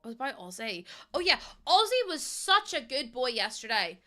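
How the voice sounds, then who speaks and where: Girl in her 20s streaming, gabbing away, highish bright voice. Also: sing-song, moderate pace, faint music behind. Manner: chatty storytelling with laughs and acted-out quotes. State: pregnant. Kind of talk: casual chat while streaming a building game.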